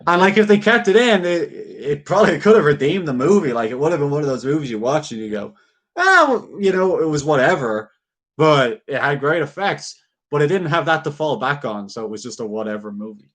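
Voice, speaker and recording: A man's voice: a little high, fairly quick. Guy streaming while he carves, rambly and sweary, chats w viewers, laughs a lot. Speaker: livestreamer. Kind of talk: casual chat with live viewers.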